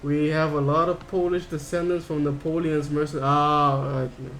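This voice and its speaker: A man's voice: on the high side, little pitch movement, moderate pace, a bit bright, a little hiss or hum. A man livestreaming a game, chatting casually and rambling as he thinks aloud while reading chat. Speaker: game streamer.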